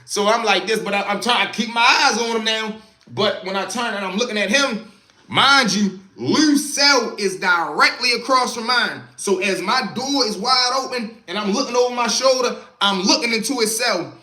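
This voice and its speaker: Guy spinning a wild story on a live stream, high bright voice, lots of cussing and "boom", kinda echoey room. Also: normal speed. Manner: animated, profane, punctuates with "boom". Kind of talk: casual storytelling.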